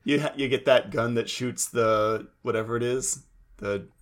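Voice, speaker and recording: A man's voice: mid-range voice, fairly even intonation, moderate pace, a loud crowd. A man co-hosting a podcast in casual chat, adding dry, sardonic remarks. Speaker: podcast co-host.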